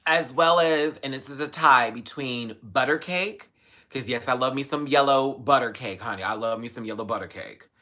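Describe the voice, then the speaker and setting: A man hosting a casual live stream, gushing and chatty, with sudden high squeals of excitement. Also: normal speed. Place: home, in Los Angeles.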